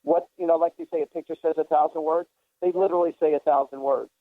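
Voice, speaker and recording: A man's voice: fairly high pitch, fairly even intonation, fast talker, no echo. A man hosting a psychic radio show, telling stories in a rambling way with many restarts. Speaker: psychic medium radio host. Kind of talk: casual radio chat. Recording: dry thin phone-line sound.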